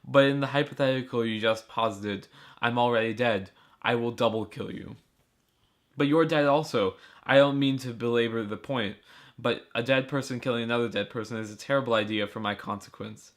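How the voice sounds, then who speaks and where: A man's voice: mid-range voice, fairly quick, lightly acted. A man voicing an eager, talkative young male soldier who rambles on, in an amateur audiobook reading. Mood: argumentative.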